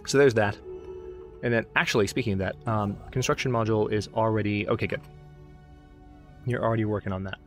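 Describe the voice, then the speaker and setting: A man's voice: on the low side, fairly even intonation, brisk, pauses often, soft background music. A man casually commenting on his strategy game as he plays, chatting to his own units and joking at himself. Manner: chatty, talks to his units, self-mocking asides. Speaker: let's play host.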